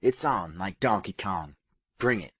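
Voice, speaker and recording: A man's voice: deep voice, animated, a little slow, fairly bright tone, slightly rough, no echo, studio quality, heavily acted. A man voicing a tough, wisecracking young woman sniper, brash and swearing, in an audiobook. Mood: tense, defiant. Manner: brash, swearing, nervous bravado.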